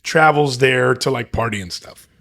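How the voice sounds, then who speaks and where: A man hosting a casual podcast chat, speaking in a hesitant, halting way with many fillers and restarts. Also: mid-range voice, creaky, a bit bright.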